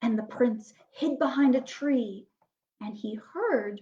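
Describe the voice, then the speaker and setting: Slow, high-voiced children's librarian. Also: female voice. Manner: slow, animated storytelling with soft whispered asides. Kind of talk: children's story time reading. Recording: dull lo-fi recording.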